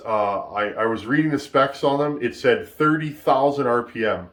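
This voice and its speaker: A man at middle pitch explaining a build in a casual workshop tutorial. He thinks aloud, stumbles and restarts, and keeps asking "okay?" as he goes. He is picked up by a camera mic in the shop. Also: expressive, a little slow. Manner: thinks aloud, restarts often, many "okay?" check-ins. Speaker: chainsaw builder and channel host.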